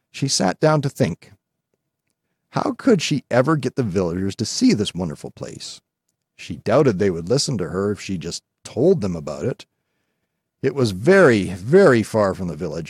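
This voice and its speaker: Husky low-voiced male storyteller. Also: no echo, clean studio sound. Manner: calm, measured storybook reading. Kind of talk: scripted narration of a folk tale.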